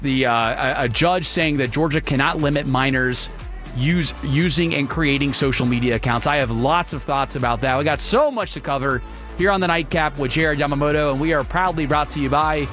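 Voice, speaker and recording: A man hosting a radio talk show alone, ranting in an opinionated, animated way about everyday gripes. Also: a little fast, soft background music. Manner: animated, ranting, mocks people in high silly voices. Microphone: studio microphone.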